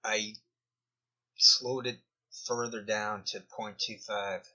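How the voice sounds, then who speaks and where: A man drawls slowly through rambling commentary over a screen recording, often trailing off mid-thought. His low voice has a sharp, tense edge. The recording sounds dull and lo-fi. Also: flat delivery. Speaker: video commentator.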